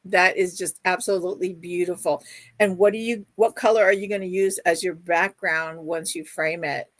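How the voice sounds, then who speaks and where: A woman's voice: fairly low pitch, fairly even intonation, moderate pace, no room sound. A middle-aged woman hosting a casual livestream, chatting and reading viewer comments aloud in a gushing, affectionate way. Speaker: livestream host.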